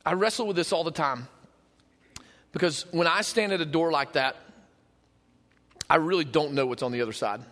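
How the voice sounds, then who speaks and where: A man preaching a sermon, emphatic and passionate, stacking repeated phrases and dropping from loud to hushed. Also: fairly high pitch, moderate pace, pauses often, long reverb tail. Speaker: pastor.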